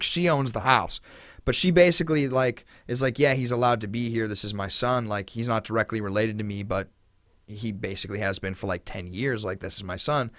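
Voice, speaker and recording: A man's voice: medium pitch, fairly bright tone, no room sound. Man, podcast host, casual storytelling, indignant, swears a lot, um and uh fillers, dry sound.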